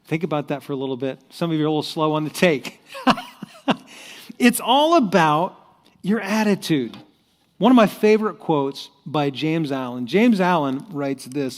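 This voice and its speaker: Animated male motivational storyteller. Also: on the high side, normal speed, long reverb tail. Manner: animated storyteller who acts out the voices. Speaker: host.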